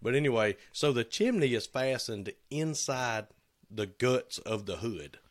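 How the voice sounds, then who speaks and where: A man's voice: medium pitch, sing-song, measured pace. A middle-aged man and podcast co-host in casual shop talk, telling stories and acting out what others said. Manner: storytelling, acts out quotes with laughs.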